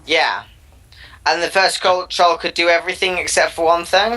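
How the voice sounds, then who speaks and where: Deadpan gamer spinning a long shaggy-dog story over voice chat, crisp bright tone. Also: male voice, on the high side, moderate pace, low-quality recording. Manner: deadpan, digressive. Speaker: player telling a story. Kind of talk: rambling joke storytelling.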